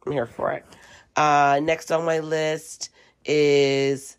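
A woman's voice: low voice, little pitch movement, slow pace, smooth. A woman with a cough doing a casual, blunt, opinionated monologue at home, swearing freely. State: has a cough. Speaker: vlogger.

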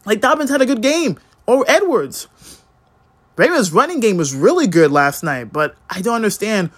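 A man giving a casual, excitable game recap as a fan vlogger, swearing freely and swinging up and down in pitch. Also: normal speed, dry recording.

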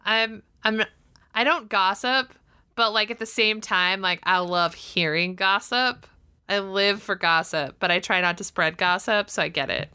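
A woman co-hosting a casual movie review podcast, talking in an animated way with lots of "like" and playful asides. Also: medium pitch, measured pace, smooth. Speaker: podcast co-host.

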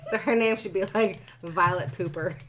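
A woman's voice: fairly low pitch, moderate pace, a bit bright, slight background noise. Jokey woman reading a book aloud. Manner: jokey, laughs often, breaks off the reading to riff. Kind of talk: casual chat and read-aloud.

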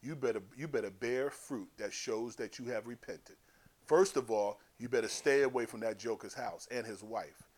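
A man preaching voices a blunt, mocking male prophet who scolds a crowd with rapid-fire accusations. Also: mid-range voice, a little mellow, pitched below the performer's own voice, close to an everyday voice. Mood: scolding.

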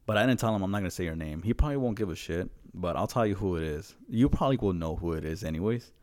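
A man's voice: low-pitched, lively intonation, quick pace, darkish tone. A man hosting a podcast in casual chat, rambling and profane, breaking into laughter often. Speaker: podcast host.

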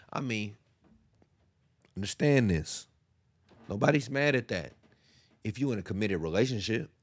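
A young man hosting a podcast from his basement, giving a candid, profane monologue that swings between quiet, low stretches and loud bursts. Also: no room sound. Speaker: podcast host. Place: home basement studio.

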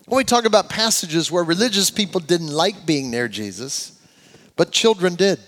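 Older male pastor, slightly high voice, sermon with call-and-response, long church reverb. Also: animated, normal speed. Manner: leads congregation in call-and-response, swings from loud preaching to soft asides. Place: church sanctuary.

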